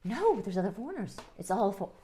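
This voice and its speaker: A woman from the Midwest, a guest telling animated stories in a casual interview at home, swinging between loud outbursts and hushed tones. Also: medium pitch, fairly quick. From United States, Midwest.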